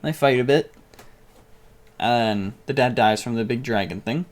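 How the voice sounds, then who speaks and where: A young man co-hosting a podcast, casually retelling a movie in a rambling, jokey way with quick mock voices. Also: medium pitch. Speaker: podcast co-host. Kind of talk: casual movie recap chat.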